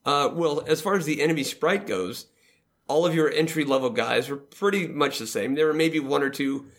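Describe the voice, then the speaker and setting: Gravelly-voiced man hosting a game chat. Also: a little high, normal speed, fairly bright tone. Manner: leads the discussion, laughs easily. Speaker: podcast host. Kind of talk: casual roundtable chat.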